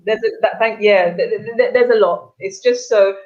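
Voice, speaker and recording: A woman's voice: mid-range voice, moderate pace, darkish tone, dull audio. A woman from the UK, a guest in a casual chat, reflective and earnest, who repeats words as she thinks.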